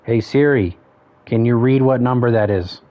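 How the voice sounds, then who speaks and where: A man's voice: mid-range voice, normal speed. Rambling male streamer, lo-fi audio. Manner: rambling, thinking aloud, counting options under his breath. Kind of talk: casual gameplay commentary.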